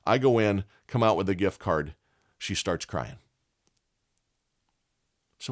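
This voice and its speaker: Folksy, animated middle-aged man. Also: a little slow, long pauses. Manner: blunt, folksy storytelling with lively swings in pitch. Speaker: podcast host. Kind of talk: motivational talk.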